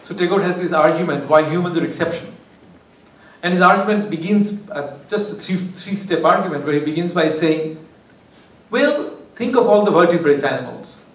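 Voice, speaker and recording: A man's voice: a little high, moderate pace. A man giving an academic lecture, discursive and wry, often restarting his phrases. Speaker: guest lecturer. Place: lecture hall. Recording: echoey hall, far from mic, faint ambience.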